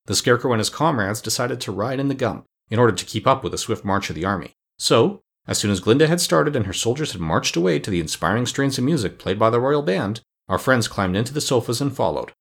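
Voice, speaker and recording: A man narrating a classic children's storybook in a measured, even reading. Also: mid-range voice, gravelly, husky. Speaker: audiobook narrator. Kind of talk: scripted narration.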